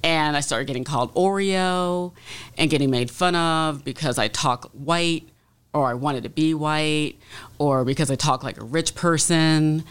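A woman's voice: low-pitched, unhurried, clean tone. A woman from Detroit, an author being interviewed, answering in a thoughtful way with many ums. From Detroit, USA. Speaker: author guest.

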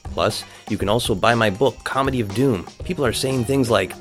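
Deadpan man reading a comic ad. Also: mid-range voice, a little fast, soft background music. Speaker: comedian reading his own ad.

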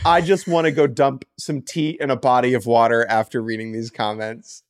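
A man's voice: medium pitch, little pitch movement, moderate pace, dry recording. Joking male podcast co-host, dry sound. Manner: joking, reads listener comments aloud. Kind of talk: casual podcast chat.

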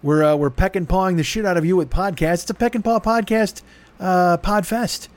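A man's voice: sits high, brisk, dry recording. A man hosting a podcast in a rambling, self-mocking comedic monologue, swearing freely and talking in circles. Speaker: podcast host.

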